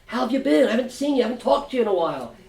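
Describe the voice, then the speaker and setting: A man's voice: very high voice, sing-song, very fast, darkish tone, voice pushed up, full character voice. A man playing a falsely chummy army commander. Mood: falsely friendly. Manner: overly chummy, playful. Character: scheming male army commander, falsely friendly. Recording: roomy sound, mic at a distance.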